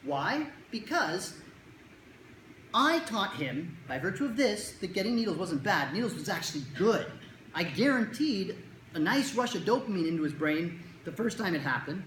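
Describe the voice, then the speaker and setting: A woman's voice: lowish voice, big pitch swings, moderate pace, slight background noise. A woman giving a lecture, telling anecdotes and acting out the dialogue with animation. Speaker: speaker. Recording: echoey room, faint ambience.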